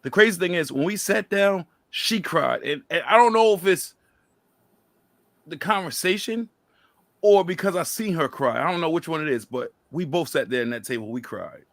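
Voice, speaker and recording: Gravelly guy on a podcast, dry close mic, acts out what people said. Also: a little high, normal speed, dry recording. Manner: animated storyteller, quotes people in lively voices. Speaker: podcast host. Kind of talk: casual chat.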